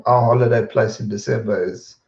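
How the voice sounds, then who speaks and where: A young man, chatting casually on a live stream and answering viewer questions in a rambling, relaxed way. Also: medium pitch, brisk, creaky. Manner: relaxed, rambling, repeats words when distracted. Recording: dull roomy home stream audio.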